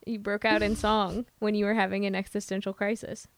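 A woman's voice: medium pitch, flat delivery, brisk, no echo. A woman with a Midwestern accent co-hosting a podcast in casual, bubbly chat. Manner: bubbly, giggly. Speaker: podcast co-host.

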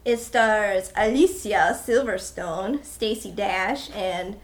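A woman's voice: medium pitch, slow pace. A young woman co-hosting a movie podcast, chatting casually and peppering her talk with "like". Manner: chatty, many "like"s, reads descriptions aloud. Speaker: podcast co-host.

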